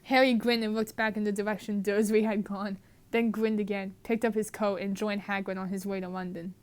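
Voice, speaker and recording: A woman's voice: medium pitch, level tone, brisk, darkish tone. A woman reading a mistranslated movie script aloud for comedy, laughing throughout. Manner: laughs constantly. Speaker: narrator.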